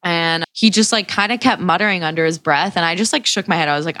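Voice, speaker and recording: A young woman in her twenties hosting a podcast, telling a personal story in a casual, profane, animated way and acting out what people said. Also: on the low side, fast talker, no echo. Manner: profane, animated retelling with acted-out quotes. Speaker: podcast host.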